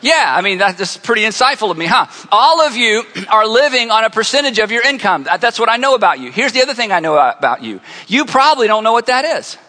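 A middle-aged man preaching a conversational sermon to a congregation, telling stories with lively energy. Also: high voice, quick pace, few pauses. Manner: conversational, animated storytelling. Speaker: pastor. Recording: long hall reverb.

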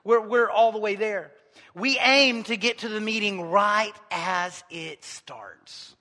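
A man preaching a sermon in a church, joking with the congregation and swinging between loud, emphatic lines and quiet asides. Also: high-pitched, takes it slowly, big-room sound. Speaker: pastor. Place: church sanctuary.

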